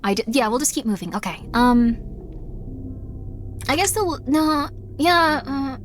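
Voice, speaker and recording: A woman's voice: high-pitched, expressive, measured pace, faint music behind. A young woman streamer chatting casually while she plays, rambling with lots of fillers and self-deprecating asides. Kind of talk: casual live-stream chat while gaming.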